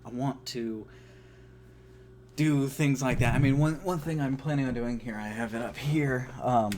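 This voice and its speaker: A young man chatting to camera in an eager, halting way, often starting his words over. His voice sits at a middling pitch, and a faint hiss of background noise runs underneath. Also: a little mellow. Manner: halting, with many restarts, eager. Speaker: vlogger. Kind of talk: casual chat to camera.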